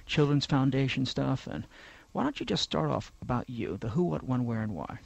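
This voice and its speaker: A man's voice: medium pitch, normal speed, vocal fry, slightly rough, dull audio. A man hosting a talk radio show in a studio, chatting casually and telling rambling, joking stories. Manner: rambling, joking, animated storyteller.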